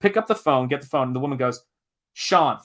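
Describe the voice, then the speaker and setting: A man from Tennessee hosting a live stream, chatting casually and telling an animated, emphatic story with occasional swearing. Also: medium pitch, racing. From Southern United States, Tennessee. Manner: animated, emphatic storyteller who reads out chat comments and swears when worked up. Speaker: live-stream host and comic artist.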